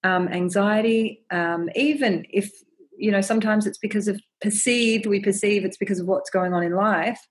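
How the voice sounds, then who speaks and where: A woman speaking as a podcast guest, sharing her practice in a gentle, earnest, reflective way and often repeating words as she thinks. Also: medium pitch, moderate pace, slightly rough. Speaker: podcast guest, ceremony holder.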